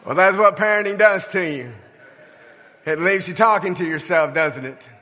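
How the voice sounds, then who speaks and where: An older man delivers a sermon with a fairly high, bright voice. He tells stories earnestly, leaning on words for emphasis. The sound rings out in a large hall with a long echo. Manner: earnest storytelling preacher with measured, emphatic phrasing. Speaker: preacher.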